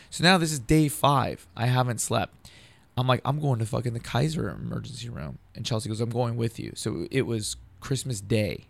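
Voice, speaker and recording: A man's voice: mid-range voice, brisk, vocal fry, fairly bright tone, no room sound. A man telling a long personal story in casual, profane, rambling talk, acting out what others said.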